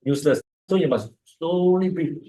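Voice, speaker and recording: Speaking at a moderate pace, this man has a fairly high pitch and a dark tone, with a Malaysian English accent. The echoey room is a lecture hall, where he gives an informal health lecture, repeating words as he explains and demonstrates breathing.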